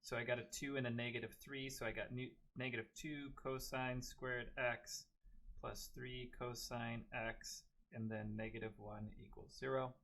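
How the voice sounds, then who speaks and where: A man's voice: mid-range voice, little pitch movement, moderate pace, fairly bright tone. A man teaching a math class, working through steps aloud and cracking chatty jokes at his students in a classroom. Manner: joking, chatty asides between worked steps. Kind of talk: classroom lecture.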